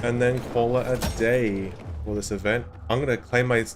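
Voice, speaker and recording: A man's voice: medium pitch, steady tone, normal speed, noisy background. A man with an Australian accent streaming a game, talking casually with stammers and frequent laughter. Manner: rambling, stammering, laughs often. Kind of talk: casual gaming chat.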